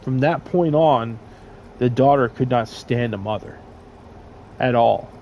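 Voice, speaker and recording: A man's voice: mid-range voice, measured pace, gravelly, dull audio, slight background noise. A young man telling a crude, rambling story in casual chat, trailing off with fillers. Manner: rambling, crude, loud laughing bursts.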